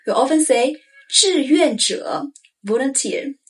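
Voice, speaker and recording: Slow, high-voiced teacher woman. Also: expressive. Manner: clear, deliberate teaching with repetitions. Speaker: Chinese teacher. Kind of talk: language lesson.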